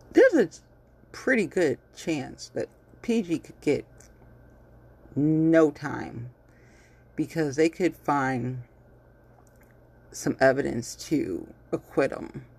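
Woman, low husky voice, lively swings in pitch; blunt commentator who swears freely, casual monologue. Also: slow pace, long pauses.

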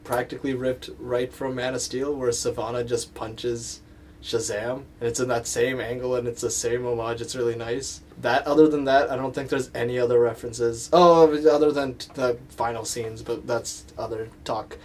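A man's voice: medium pitch, steady tone, normal speed, darkish tone, far from the mic, slight background noise. A man co-hosting a podcast, chatting casually about a movie and slipping into goofy impressions. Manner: jokey, breaks into goofy impressions. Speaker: podcast co-host.

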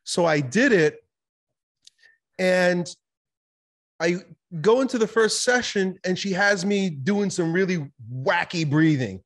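A man talking as a podcast guest, telling a personal story in a candid, animated way, swearing now and then. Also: high-pitched, slow pace, pauses often. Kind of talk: casual conversational storytelling.

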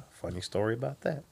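There's a little hiss or hum behind this young guest comedian's gravelly, medium-pitched voice. In casual conversation he animatedly relates a story, performing the voices of the characters.

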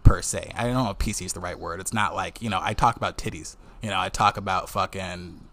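A man in his twenties from Wisconsin with a Wisconsin accent, hosting a casual solo podcast in an excitable, joking way. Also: deep voice, quick pace. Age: 20s. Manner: excitable, jokey, swears casually. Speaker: podcast host.

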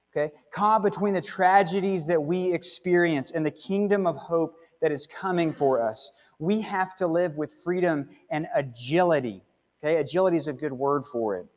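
Man preaching in a reverberant church. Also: on the high side. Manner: conversational preaching with frequent "okay?" and "right?" tags. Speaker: pastor. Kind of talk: sermon. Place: church sanctuary. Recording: long hall reverb.

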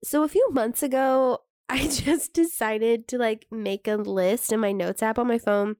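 A woman's voice: a little high, a little slow, a little mellow, dry recording, clean studio sound. A young woman co-hosting a podcast, talking casually, laughing often and swearing now and then. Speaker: podcast co-host. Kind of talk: casual chat.

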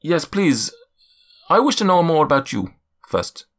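A man voicing a polite male cloud giant in a tabletop game, speaking in a halting mock accent that drifts toward South African and ending lines with "yes?". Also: a little high, sing-song, a bit bright, pitched above the performer's own voice, heavily acted. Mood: courteous. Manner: halting, tags sentences with "yes?".

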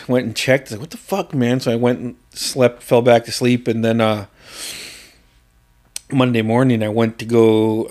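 A man in his forties from southeast Alaska, co-hosting a podcast and telling stories in casual chat, swearing freely, acting out quotes loudly and laughing often. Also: mid-range voice. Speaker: podcast co-host.

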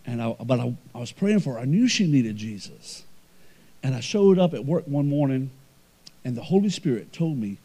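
Pastor, male, lively sermon delivery, warm dark voice. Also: mid-range voice, brisk. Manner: preaching with rising emphatic swells and quiet storytelling asides.

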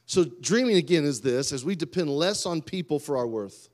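Animated man preaching a sermon. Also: on the high side, normal speed. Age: 30s. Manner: animated, swings from loud outbursts to quiet asides. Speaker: pastor.

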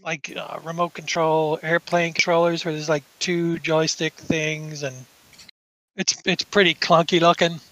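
A man narrating as game master of a tabletop game, halting and full of fillers as he describes the scene. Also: on the high side, level tone, fairly bright tone, poor audio.

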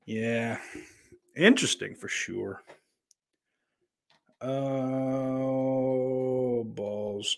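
A man's voice: mid-range voice, expressive, extremely slow, creaky, long pauses. A man with a Southern US accent, hosting and reading chat messages aloud, rambling and swearing bluntly. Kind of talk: casual chat.

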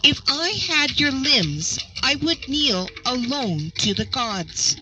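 A woman's voice: sits high, very animated, slow pace, full character voice, poor audio. A woman reading the lines of a kind, earnest young prince in a storybook tale.

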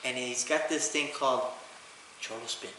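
A man's voice: mid-range voice, steady tone, moderate pace, sharp tone. A man co-hosting a casual chat, laid-back and slangy, often laughing. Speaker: podcast co-host. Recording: very echoey room with faint noise.

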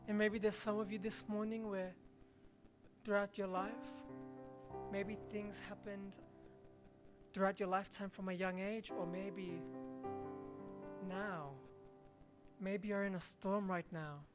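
A woman's voice: mid-range voice, little pitch movement, slow pace, pauses often, over music. A woman preaching a sermon, reading a scripture passage and then explaining it earnestly, with some restarts.

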